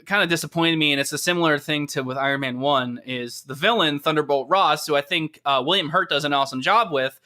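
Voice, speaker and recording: A man's voice: fairly high pitch, fast talker, hardly any pauses, bright, forceful tone. A man co-hosting a podcast, chatting casually and animatedly, laughing often and acting out quotes. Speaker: podcast co-host. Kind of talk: casual chat.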